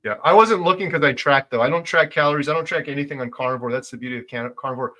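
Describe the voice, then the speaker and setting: This middle-aged man talks very fast in a slightly high voice while hosting a casual livestream. He reads off viewer comments and turns loud and emphatic when pressing a point.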